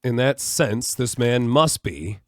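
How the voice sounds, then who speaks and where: A man's voice: medium pitch, lively intonation, slow, dry recording. A man streaming a video game, puzzling things out aloud and musing to himself as he plays. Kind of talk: live gameplay commentary.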